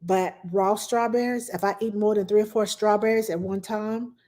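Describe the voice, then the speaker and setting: A woman's voice: medium pitch, steady tone, moderate pace, mellow. A woman hosting a casual advice talk for parents, telling stories chattily with many fillers and asides. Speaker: childcare advice host.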